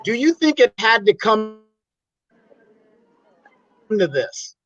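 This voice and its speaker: A man co-hosting a casual interview, asking questions haltingly. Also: high-pitched, very animated, a bit bright, dry recording, highs cut off, faint music behind.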